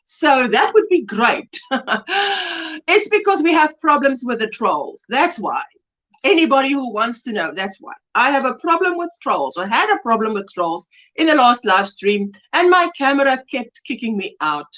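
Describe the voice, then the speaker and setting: Lively woman hosting a livestream. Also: on the high side, moderate pace, highs cut off. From South Africa. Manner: chatty, greets viewers by name, laughs often. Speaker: crochet livestream host. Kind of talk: casual live-stream chat. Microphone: webcam.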